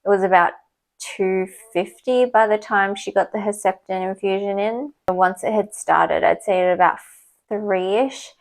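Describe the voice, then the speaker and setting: A woman's voice: mid-range voice, unhurried, rough recording. Chatty young woman vlogging candidly. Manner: chatty, candid storytelling, retelling dialogue. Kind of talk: casual personal vlog. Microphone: small clip or desk mic, sometimes knocked.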